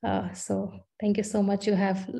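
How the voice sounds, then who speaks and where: Earnest woman, flat mellow voice. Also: medium pitch, normal speed, creaky. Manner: earnest, reflective, hesitant fillers. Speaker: student.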